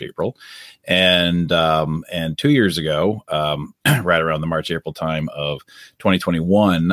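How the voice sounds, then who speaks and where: A man's voice: low voice, fairly bright tone, no room sound, clean studio sound. A man, a documentary director, talking casually as a guest in an interview, earnest and rambling with many restarts.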